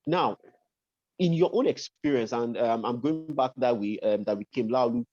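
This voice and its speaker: A man's voice: mid-range voice, lively intonation, moderate pace, darkish tone, no echo, muffled recording. A man hosting an interview, asking long careful questions with many fillers and restarts, over a remote call. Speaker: podcast host.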